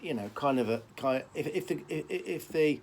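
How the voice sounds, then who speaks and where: A man from Birmingham with a softened Brummie accent, a horse trainer talking casually to camera and often repeating himself with fillers. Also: a little high, animated, moderate pace, a little hiss or hum. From Birmingham, England. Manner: rambling, repeats words, many fillers. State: limping.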